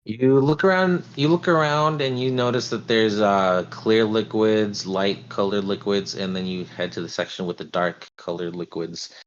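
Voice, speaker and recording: A man running a tabletop game, narrating in a fairly low voice. He talks in a relaxed, halting way full of fillers. The stream audio sounds dull and lo-fi. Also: slight background noise. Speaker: game master.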